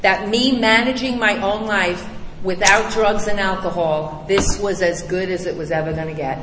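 A woman's voice: medium pitch, steady tone, normal speed, background noise. A middle-aged woman giving a candid, emphatic recovery testimony to a crowd, recorded in a large hall. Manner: candid, emphatic, blunt storytelling. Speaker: recovery speaker. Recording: echoey hall, distant mic.

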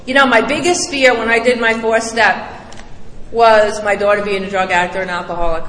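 A woman's voice: medium pitch, a bit bright, slight background noise. A middle-aged woman giving a recovery meeting testimony, emphatic, blunt and salty, with rising bursts. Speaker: speaker sharing a recovery story. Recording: echoey hall with long reverb.

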